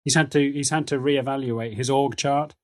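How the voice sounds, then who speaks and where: A man's voice: mid-range voice, steady tone, normal speed, no echo. A man narrating as dungeon master in an easygoing, descriptive way. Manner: descriptive, easygoing, laughs often. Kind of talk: narrating a tabletop game.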